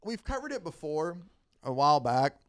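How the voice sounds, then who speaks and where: A man's voice: on the high side, very animated, moderate pace. A man co-hosting a podcast, casually retelling a comic story with lots of fillers and acted-out quotes. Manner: rambling retelling with many fillers and quoted lines. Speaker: podcast co-host summarizing a comic. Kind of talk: casual chat.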